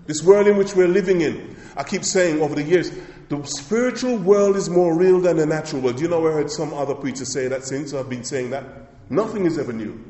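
A male pastor preaches with emphatic repetition and keeps asking the congregation questions. His voice sits a little higher than most men's. It rings through a large hall with long, lingering reverb. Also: a little fast, few pauses, warm tone. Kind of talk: sermon.

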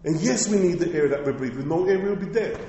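A man's voice: a little high, animated, fast, warm tone, roomy sound, in a large hall, lo-fi sound, a little hiss or hum. A man preaching a sermon as pastor, emphatic and repetitive, with many rhetorical questions to the congregation.

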